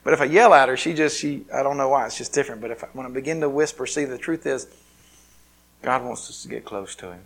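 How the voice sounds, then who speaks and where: A man preaching a conversational sermon with lots of fillers and restarts. He swings between loud emphatic peaks and quiet, hushed asides. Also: mid-range voice, quick pace, vocal fry, poor audio. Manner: casual, filler-heavy delivery with many restarts. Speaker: pastor.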